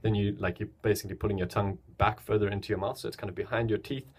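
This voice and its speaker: Teaching beatboxing basics in a casual tutorial, this young man talks rapid-fire in a lowish, steady, husky voice with a darkish tone. He records himself on a camera mic and keeps things loose, frequently starting sentences over.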